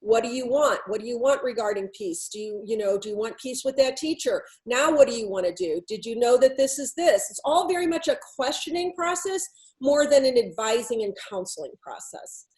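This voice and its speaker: A woman with a high voice tells a story in an animated way. She acts out both sides of a conversation as she goes, speaking as a consultant to her listeners. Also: moderate pace, low-quality recording. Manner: animated storytelling with quoted dialogue. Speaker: podcast host and workplace consultant. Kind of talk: storytelling talk.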